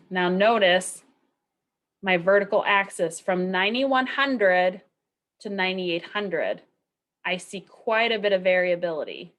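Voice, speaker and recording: This statistics instructor has a lowish, somewhat bright voice. Her recorded lecture is chatty, with rhetorical questions and frequent checks of "okay" and "right."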